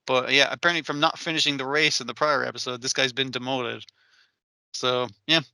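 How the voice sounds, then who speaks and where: A man co-hosting a podcast in casual chat, swearing a lot and retelling scenes with animated quoted voices over a remote call. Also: mid-range voice, brisk, smooth, no echo. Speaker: podcast co-host. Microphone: remote call mic.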